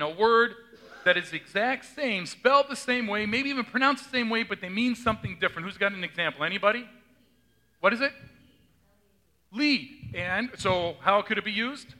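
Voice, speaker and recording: Guy pastor, high voice, chatty sermon, keeps quizzing the folks in the pews. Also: bright, forceful tone. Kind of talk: gospel reading and conversational sermon. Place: church sanctuary.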